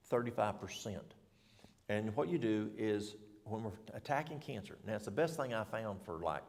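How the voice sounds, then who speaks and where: In a lowish, creaky voice with a darkish tone, a middle-aged man rambles through an informal health talk at church. His manner is folksy, and he keeps correcting himself. The church hall recording carries a long reverb.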